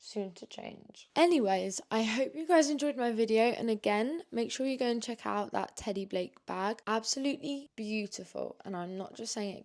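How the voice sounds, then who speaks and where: A young woman with an English accent chatting casually through a clothing try-on haul, candid and slangy. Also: mid-range voice. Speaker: fashion vlogger.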